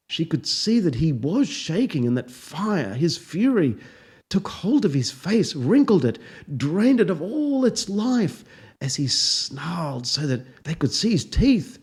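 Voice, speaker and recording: Man, professor, storytelling narration, deadpan, fairly high voice, mellow husky tone. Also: unhurried.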